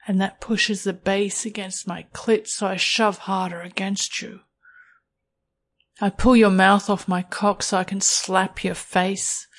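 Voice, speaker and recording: A woman telling an erotic story in the second person, slow, deliberate and commanding. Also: medium pitch, vocal fry.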